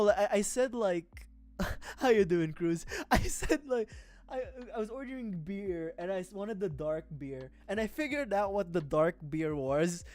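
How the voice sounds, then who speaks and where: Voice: mid-range voice, darkish tone. A streamer from the Philippines chatting casually on a livestream, rambling, self-mocking and laughing often.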